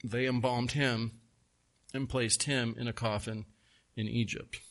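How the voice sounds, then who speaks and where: A pastor preaching a sermon, slowing down to stress key words, with folksy asides. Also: male voice, mid-range voice, level tone.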